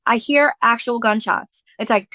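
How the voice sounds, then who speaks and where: Thirties woman host rattling thru a story, swears a lot, lots of "like", bright tense voice, pitched a bit high. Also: moderate pace, no echo. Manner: breathless, swearing, fillers, re-enacting quotes. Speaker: podcast host. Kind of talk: casual storytelling chat.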